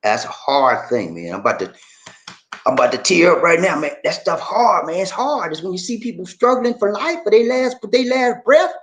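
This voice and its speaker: A man hosting a casual livestream, answering viewers' comments in an animated, preachy way and often tagging his sentences with "man" and "y'all". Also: high-pitched, a little fast. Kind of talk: casual live chat with viewers.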